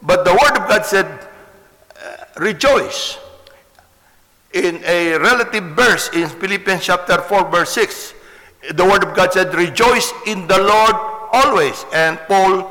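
A man's voice: fairly high pitch, pushed and bright. A man preaching a sermon, reading scripture and repeating his points with emphasis. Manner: repetitive, emphatic, reads scripture aloud. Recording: long hall reverb.

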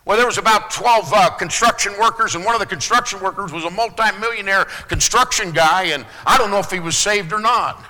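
Male pastor preaching in a church hall, high and sharply bright, loud bursts and quiet asides. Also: a little fast, few pauses. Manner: swings between loud preaching and hushed low asides. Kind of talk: sermon. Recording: long hall reverb.

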